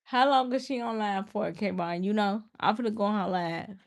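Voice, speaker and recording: A woman's voice: medium pitch, moderate pace. A young woman livestreaming, casually and exasperatedly scolding a viewer in the chat. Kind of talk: casual live-stream talk to chat.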